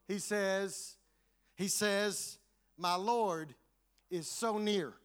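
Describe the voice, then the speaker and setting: A man's voice: sits high, drawn-out words, long pauses, clean tone. A man preaching a sermon to his congregation, building fervor through repetition. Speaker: pastor.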